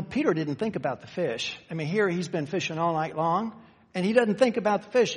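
A man preaching a sermon, teaching conversationally and shifting from slow, stressed phrases to quick asides. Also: a little high, husky. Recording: long reverb of a church hall.

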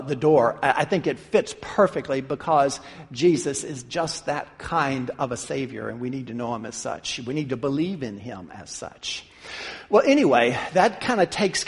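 A man's voice: on the high side, in a large hall. A man preaching a sermon as a pastor, talking conversationally and lifting his voice for emphasis.

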